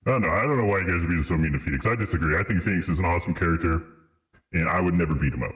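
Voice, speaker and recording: A man's voice: deep voice, rapid-fire, fairly bright tone. A man streaming a game live, bantering playfully with chat and laughing often. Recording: roomy echo with music behind.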